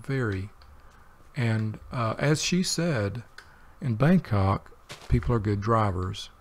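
A man's voice: lowish voice, gravelly. A man, hosting a let's play and rambling wryly while he plays, thinking aloud with plenty of fillers. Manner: meandering, wry, thinks aloud with many fillers. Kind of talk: rambling gameplay commentary.

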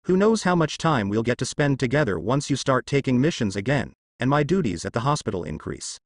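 A man voicing a gentle, loving young woman who speaks softly, in a fan fiction reading. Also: mid-range voice, big pitch swings, a little fast, dry recording, clean studio sound. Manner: soft, affectionate.

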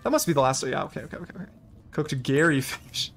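A man's voice: fairly high pitch, expressive, quick pace, creaky. A young man streams a game live, chatting loosely and rambling between thoughts. He shrieks and laughs whenever something startles him. Faint game music plays under his voice. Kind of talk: live gameplay commentary.

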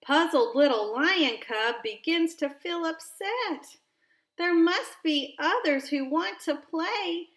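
A woman reading a counting picture book aloud with expression, stopping to ask a child gentle questions. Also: extremely high pitch, expressive, slow. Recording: roomy echo.

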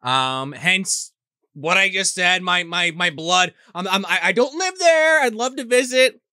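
A man co-hosts a movie podcast in a bright, slightly high voice. He rambles along, chatty and loose, and keeps correcting himself mid-sentence. The sound is dry and close. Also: lively intonation, unhurried, no room sound. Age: adult. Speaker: podcast co-host. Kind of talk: casual chat.

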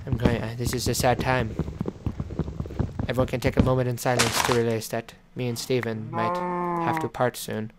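A man with a steady, mid-range voice gives casual let's-play commentary on his survival game at a moderate pace. The recording is very noisy, with game music playing in the background, and he rambles with fillers and melodramatic mock apologies.

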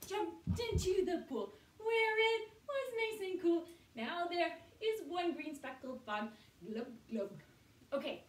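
Woman, very high voice, slow unhurried pace, sing-song kids' yoga teacher, echoey room heard from far off. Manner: cheerful, encouraging, sings short chants. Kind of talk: sing-song children's yoga story time. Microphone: online video from a camera at a distance.

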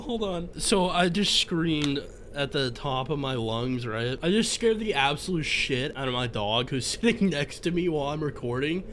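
A young man giving lively commentary on a horror game from home, swearing and screaming when scared. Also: medium pitch, moderate pace, few pauses, a little hiss or hum. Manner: jumpy, swearing, screams in fright. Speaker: gaming YouTuber. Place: home room with his dog nearby.

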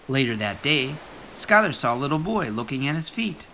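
A storyteller reading a children's picture book aloud in an expressive, sing-song way. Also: mid-range voice, moderate pace, hardly any pauses, a little hiss or hum.

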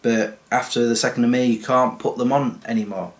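A man's voice: medium pitch, steady tone, brisk. Chatty male YouTuber rambling to camera. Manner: rambling and chatty, with many fillers. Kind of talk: casual vlog chat to camera.

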